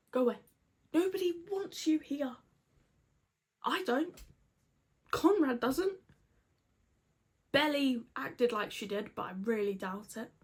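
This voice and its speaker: A woman's voice: a little high, husky. A young woman recapping a TV episode to camera in a gushing, dramatic, chatty way. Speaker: vlogger.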